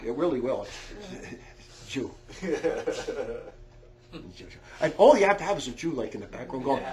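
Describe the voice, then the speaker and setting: A man telling a long, rambling story in a loud, heated way, often shouting and stumbling over restarts. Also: fairly high pitch, big pitch swings, moderate pace, pauses often. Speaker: storyteller on a talk recording.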